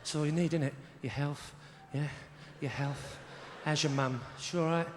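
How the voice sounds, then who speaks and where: A man's voice: fairly high pitch, fairly even intonation, moderate pace, background noise, pitched below the performer's own voice, natural voice. A comedian putting on a London accent as a mock-friendly man with a veiled threat. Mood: menacing. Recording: echoey theatre with loud audience.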